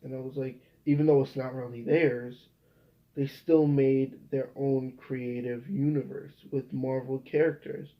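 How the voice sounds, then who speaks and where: A man's voice: mid-range voice, level tone, unhurried. A young man in a casual vlog monologue, rambling and swearing often, with many restarts. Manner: rambling, profane, frequent restarts. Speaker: video creator. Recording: dull lo-fi recording.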